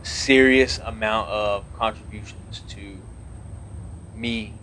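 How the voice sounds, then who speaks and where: A man in his thirties speaks in a somewhat low voice, earnest and rambling, circling back through restarts and fillers as he talks. It is a relaxed podcast conversation with faint background noise under his voice. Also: slow pace. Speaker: podcast guest, naval officer. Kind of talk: casual conversational interview.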